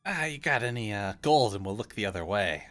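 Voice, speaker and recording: A gruff, swaggering pirate captain who shakes travelers down for gold, voiced by a man at the game table. The voice sits low with a bright edge. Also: lively intonation, fairly quick. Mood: demanding.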